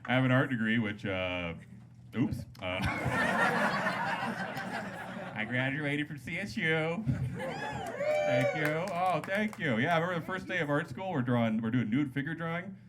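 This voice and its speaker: Stand-up comic, male, lively swinging pitch, loud crowd noise over a live club recording. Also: moderate pace. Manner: loose, jokey delivery with sudden loud voiced-up quotes. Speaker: stand-up comedian. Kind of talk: stand-up set. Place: comedy club stage. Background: loud audience laughter.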